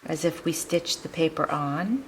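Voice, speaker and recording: A woman's voice: low voice, unhurried, slight background noise, rough recording. A woman hosting a crafting tutorial, chatting in a casual, upbeat way and laughing now and then as she works. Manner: chatty, upbeat, laughs often while working. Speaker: craft video host.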